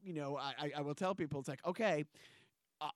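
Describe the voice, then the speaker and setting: A podcast host with a rather high voice rambles and jokes through a casual chat at a very fast pace, chuckling between thoughts. The sound is clean, studio quality, with no echo.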